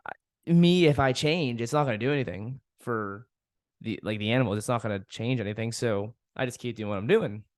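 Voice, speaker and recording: A man's voice: mid-range voice, brisk, no echo. Young guy venting on his podcast, swears a lot, laughs at himself, dry close sound. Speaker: podcast host. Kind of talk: casual solo podcast monologue.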